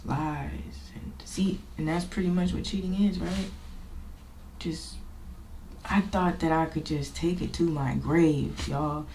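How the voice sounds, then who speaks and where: A woman's voice: on the low side, little pitch movement, a little slow, long pauses, warm tone. A woman hosting a podcast, talking informally and emphatically about her own life in a reflective, confessional way. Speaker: podcast host. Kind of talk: personal confessional talk. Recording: echoey room with faint noise.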